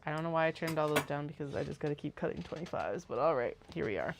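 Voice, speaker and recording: Gravelly voiced maker mumbling and counting out loud mid livestream, mid pitched. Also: lively intonation, fast talker, a little hiss or hum. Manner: mutters, counts aloud, thinks out loud. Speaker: craft maker livestreaming at work. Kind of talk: casual livestream chat while cutting.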